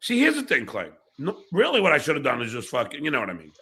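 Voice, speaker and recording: A middle-aged man hosting a live stream, delivering a blunt, profane rant that breaks into shouts. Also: a little high, huge pitch swings, quick pace, slightly rough. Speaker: show host.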